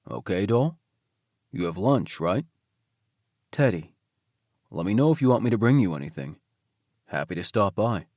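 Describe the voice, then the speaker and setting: A male audiobook narrator voicing a tender, protective husband, speaking softly. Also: sing-song, moderate pace, pauses often, no room sound, studio quality. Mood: doting. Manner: soft, low, murmuring.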